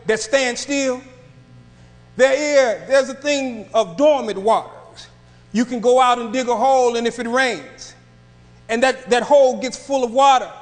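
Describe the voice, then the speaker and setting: A man preaching a sermon in a church, moving from quiet reflective passages to raised, emphatic delivery. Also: extremely high pitch, in a large hall. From northern United States. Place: church sanctuary.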